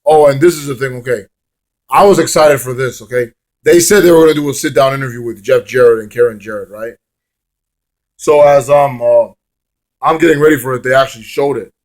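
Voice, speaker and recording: A man's voice: medium pitch, fairly quick. A man casually reviewing a wrestling show in a rambling, swear-laced manner, drifting into hummed song bits.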